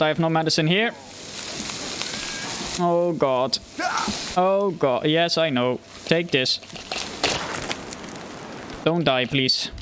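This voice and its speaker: A gamer with a high-pitched voice narrates his own gameplay in let's play style, nervously muttering to himself in a jumpy, frightened way and yelping at scares. The background is noisy.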